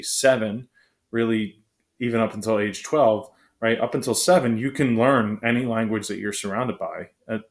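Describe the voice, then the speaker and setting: Lecturer, male, lowish voice, quick conversational delivery with lots of "right?" tag questions. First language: English. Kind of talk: classroom lecture.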